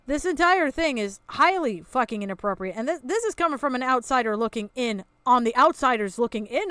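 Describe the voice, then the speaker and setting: A woman's voice: a little high, fairly bright tone, smooth, no room sound. A woman hosting a reaction commentary, ranting in a sarcastic, exasperated way and swearing freely. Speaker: commentary channel host.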